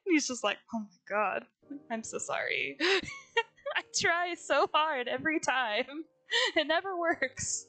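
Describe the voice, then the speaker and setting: A woman's voice: high-pitched, expressive, slow, pushed and bright, low-quality recording. A young woman chatting casually on a stream, telling stories with lots of laughter and acted-out quotes. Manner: giggly storyteller, acts out quotes. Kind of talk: casual chat.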